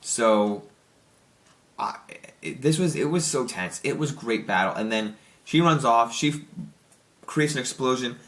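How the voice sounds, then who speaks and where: A young man giving a casual, rambling spoken movie review, excited and full of restarts and fillers. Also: medium pitch, measured pace, long pauses. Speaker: film reviewer.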